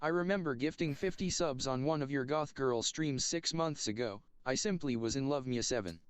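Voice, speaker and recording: A man's voice: mid-range voice, normal speed, smooth, dry recording. A male text-to-speech voice reading viewer messages with sing-song synthetic intonation.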